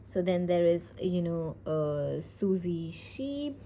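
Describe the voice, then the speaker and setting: Casual mom reading a kids' book aloud, chatty asides, faint background hiss. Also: female voice, lowish voice, slow, hardly any pauses, warm tone. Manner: reads plainly with fillers and self-corrections, little character voicing. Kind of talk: casual read-aloud with commentary.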